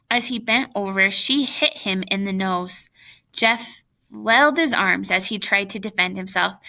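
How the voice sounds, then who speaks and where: A woman reading a children's book aloud in plain, steady storytelling. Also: mid-range voice, gravelly. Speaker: audiobook reader.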